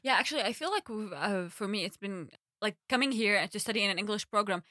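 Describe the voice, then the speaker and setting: A woman's voice: mid-range voice, expressive, fast talker, sharp tone, no room sound, studio quality. A young woman co-hosting a podcast in casual chat, talking loosely with lots of "like" and small restarts. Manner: chatty, hedges with "like". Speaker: podcast co-host.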